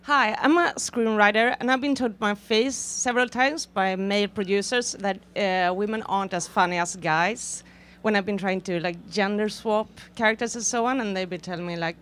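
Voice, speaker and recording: A woman's voice: mid-range voice, normal speed, a bit bright. A woman screenwriter in the audience asking the panel a frank, indignant question.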